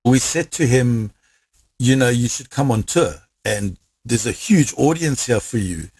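A South African man recounts events with energy, voicing the people he quotes as he goes. His voice is husky. The recording is dry and close. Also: mid-range voice, a little slow, no room sound. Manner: lively, acts out quoted dialogue. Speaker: interviewee. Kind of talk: animated storytelling.

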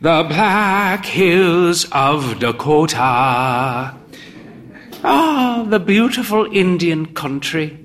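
A man's voice: a little high, lively intonation, slow, bright, forceful tone, exaggerated voice. A man voicing a fey, thin, aging man who talks in a playful, crooning way. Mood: whimsical.

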